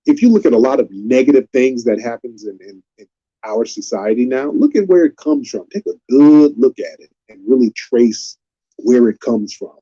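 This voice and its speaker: A man's voice: medium pitch, animated, moderate pace, dark tone, muffled recording. A man hosting a live stream, lecturing in an emphatic, repetitive way.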